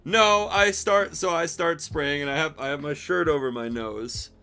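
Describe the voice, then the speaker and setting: A man's voice: fairly high pitch, moderate pace, bright, forceful tone, clean tone, soft background music. A young man telling a rambling, profanity-laced story about a bad job, exasperated and wry. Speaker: streamer telling stories. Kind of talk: casual storytelling.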